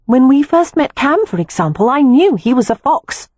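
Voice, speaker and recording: A woman's voice: high-pitched, very animated, moderate pace, a little mellow, slightly rough, no echo, pitched above the performer's own voice, heavily acted. A woman reading an audiobook, voicing an earnest, matter-of-fact young woman who loves animals.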